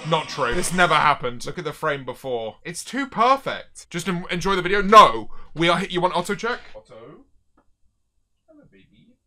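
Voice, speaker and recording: Man in his 20s, streamer, bright forceful tone, casual jokey rambling. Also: fairly high pitch, a little fast, few pauses, soft background music. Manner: joking, rambling, self-mocking. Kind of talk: casual reaction commentary. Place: office.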